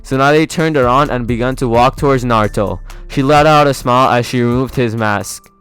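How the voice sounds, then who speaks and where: Smooth-voiced man reading a fan story. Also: medium pitch, faint music behind. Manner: soft, steady, slightly halting. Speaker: fan fiction reader.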